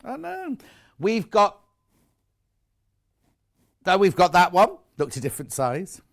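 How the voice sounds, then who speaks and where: A gushing British man presents a sales show in a TV studio, chatty, exclaiming over fabrics and out of breath. As a shopping channel presenter, his voice sits high and creaky, his pitch swooping wildly while he takes it slowly.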